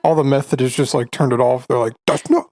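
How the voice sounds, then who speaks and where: A woman's voice: rumbling low, fairly even intonation, quick pace, mellow, no echo, clean studio sound. A woman co-hosting a podcast, chiming in with wry jokes and teasing questions during casual banter. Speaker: podcast co-host.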